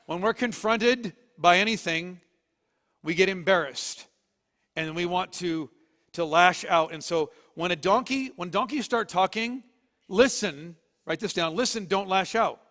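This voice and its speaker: Lively storytelling pastor in a church hall. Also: male voice, high-pitched, unhurried. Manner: animated storytelling, jokey. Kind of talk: sermon. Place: church auditorium. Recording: long reverb of a church hall.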